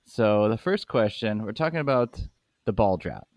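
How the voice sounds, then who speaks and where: A young man hosting a comedy podcast, laid-back and quick to laugh as he runs a game. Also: on the low side, expressive, darkish tone, dry recording. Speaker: podcast host running the game. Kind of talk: casual comedy chat.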